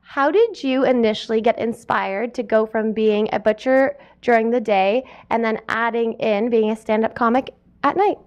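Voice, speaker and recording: A woman's voice: fairly high pitch, normal speed, darkish tone, lo-fi sound. A woman from Canada hosting an interview, asking brief, composed questions.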